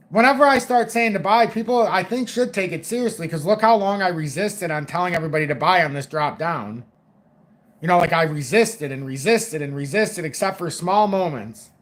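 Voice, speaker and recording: A man's voice: high-pitched, fairly bright tone. A young man giving loose, rambling, profane crypto market commentary on his own stream.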